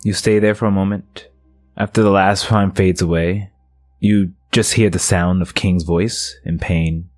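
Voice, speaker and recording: Man, game master narration, slightly low voice, soft music behind. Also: steady tone, no echo, clean studio sound. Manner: slow, atmospheric, with restarts.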